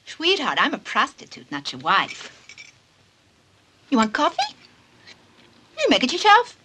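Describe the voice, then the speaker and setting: A man doing a sassy, blunt young woman in a high falsetto for a comic movie retelling. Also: huge pitch swings, unhurried, a little hiss or hum, full character voice. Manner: sharp, bossy comebacks.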